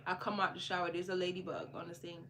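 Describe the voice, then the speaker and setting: A woman from Jamaica hosting a podcast, telling a personal story in a casual, animated way and repeating phrases for emphasis. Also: on the low side, fast talker, slight background noise. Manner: animated, repeats phrases for emphasis, swings between hushed and loud. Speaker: podcast host.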